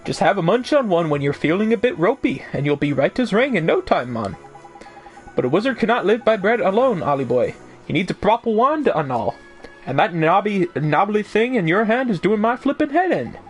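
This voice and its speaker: Hammy fairy sidekick, streamer doing it, fake Irish going Australian, lively. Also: male voice, high-pitched, moderate pace, soft background music, voice pushed up. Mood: playful. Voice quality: mock Irish accent slipping toward Australian. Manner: hammy, playful imitation. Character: chatty little male fairy sidekick. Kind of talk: reading game lines aloud on a stream.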